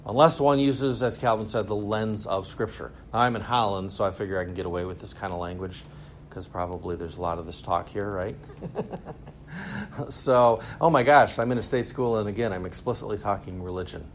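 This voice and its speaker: A man's voice: lowish voice, fairly quick, slight background noise. Man giving a sarcastic, offhand lecture. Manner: casual, sarcastic, animated asides. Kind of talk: university lecture. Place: school lecture room.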